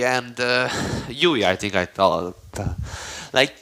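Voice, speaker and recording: A man's voice: medium pitch, lively intonation, unhurried, sharp tone, poor audio. A man casually retelling a fan-made story, rambling, cursing and full of slang and fillers.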